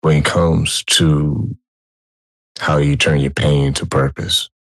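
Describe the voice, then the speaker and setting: Very deep, husky-voiced male host. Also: level tone. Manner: halting, with many "uh" pauses and restarts. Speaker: podcast host. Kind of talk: interview.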